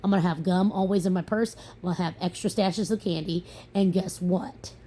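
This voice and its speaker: A woman's voice: fairly low pitch, steady tone, brisk, mellow, a little hiss or hum. A young woman from the American Midwest talking casually to camera, chatty and sassy, telling stories with playful asides. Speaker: vlogger. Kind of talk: casual opinion monologue.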